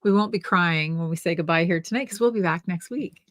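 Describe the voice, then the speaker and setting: A woman's voice: lowish voice, a little fast, no echo. An older woman co-hosting a casual knitting livestream, telling a family story in a chatty way with restarts.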